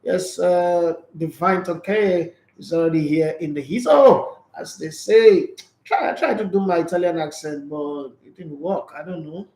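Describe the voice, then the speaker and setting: A man's voice: fairly high pitch, normal speed, few pauses, a little mellow, reverberant. A man hosting a sports radio show, chatty and joking. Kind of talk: casual sports talk show.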